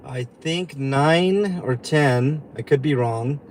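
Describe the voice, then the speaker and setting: A man hosting a livestream from inside a vehicle, venting in a halting, upset way and greeting viewers. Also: on the high side, a little hiss or hum. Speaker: livestream host. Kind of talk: livestream commentary.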